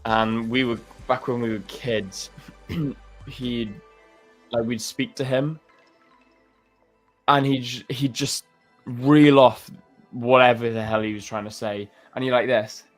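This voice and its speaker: A man's voice: medium pitch, level tone, slow pace, pauses often, faint music behind. A young British man chatting casually and joking as a co-host of a livestream. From Britain. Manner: laughing, joking, banter. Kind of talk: casual chat.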